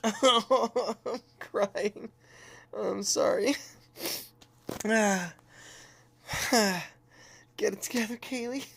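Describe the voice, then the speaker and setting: A woman's voice: a little high, extremely slow, vocal fry, pauses often. A young woman streamer chatting casually and laughing at herself while playing a game. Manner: giggly, self-mocking, chatty.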